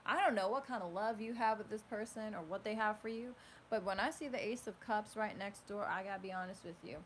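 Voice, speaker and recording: A woman giving a casual tarot reading at home, rambling and animated, full of fillers. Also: medium pitch, fairly quick. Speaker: tarot reader. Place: home room with a fan running. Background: faint fan hum.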